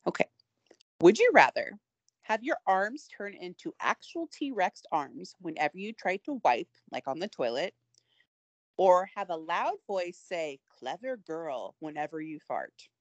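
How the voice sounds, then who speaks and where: A woman co-hosting a casual podcast, her voice lower than most and swinging widely in pitch as she rambles and giggles at herself. The sound is dry and close, with no room around it. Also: very animated, measured pace, no room sound, dull audio. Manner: giggly, rambling, self-deprecating. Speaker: podcast co-host. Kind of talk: casual chat.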